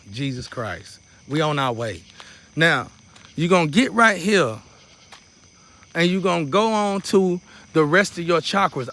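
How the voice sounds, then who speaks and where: A man with a fairly high voice leads a guided meditation in a loose, chatty way. He repeats his steps over and over and slips in preacherly asides as he teaches. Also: bright, forceful tone. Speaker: spiritual teacher.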